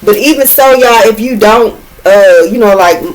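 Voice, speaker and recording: A middle-aged woman vlogger talks straight to her viewers in a casual storytime. Her voice sits at an ordinary middle pitch, and her speech is loose and slangy, with swearing and constant asides of "you know what I'm saying.". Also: normal speed, poor audio.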